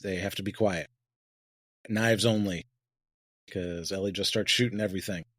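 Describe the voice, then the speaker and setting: A man's voice: sits low, steady tone, normal speed, a bit bright, dry recording, studio quality. Wry man recapping a TV episode. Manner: wry, laughs often, throws in joke bits. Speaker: podcast co-host. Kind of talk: casual TV recap chat.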